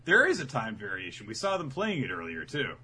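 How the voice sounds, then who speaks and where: A man's voice: medium pitch, huge pitch swings, a little fast, bright, forceful tone, slight background noise. A man casually recapping episodes as a podcast co-host, acting out the characters' lines as he tells the story. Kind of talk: casual chat.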